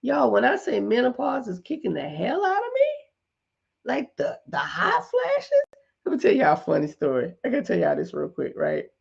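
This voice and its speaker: A middle-aged woman hosting a casual live chat with her viewers, talking in an animated way, repeating points for emphasis and laughing often. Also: on the high side, normal speed, creaky, breathy edge, highs cut off. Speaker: host.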